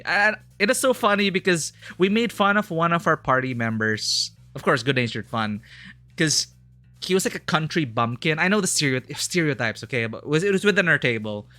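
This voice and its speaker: A man talks through a video game on a live stream, rambling from one thought to the next and breaking into laughter often. His voice is bright, and game music plays softly behind him. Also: medium pitch. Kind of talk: casual live gameplay commentary.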